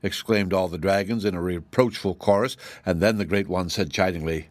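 Deep-voiced man reading a story. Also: fairly quick, few pauses, dry recording. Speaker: narrator.

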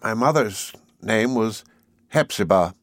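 A man reading an audiobook, voicing a timid, lonely middle-aged weaver who speaks in a hesitant, low, quiet way. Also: animated, takes it slowly, no room sound. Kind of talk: audiobook character voice.

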